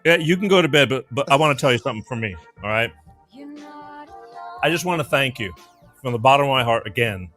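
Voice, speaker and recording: Man, talk-show host, animated, rambling, joke-teller, faint music behind. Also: mid-range voice, fast talker, long pauses. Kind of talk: casual late-night chat.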